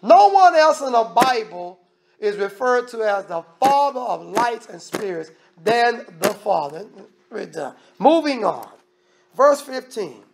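A man's voice: very high-pitched, sing-song, unhurried, creaky, background noise. A man preaching a sermon as minister, emphatic and conversational, often restarting his sentences. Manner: preaching with emphatic, shifting loudness.

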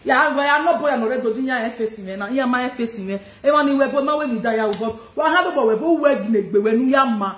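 激动的尼日利亚口音女主播，回声很重. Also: female voice, sits high, fast, few pauses, roomy sound. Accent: Nigerian. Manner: confrontational, repeats questions; switches languages mid-sentence. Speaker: live streamer. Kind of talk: heated live-stream rant.

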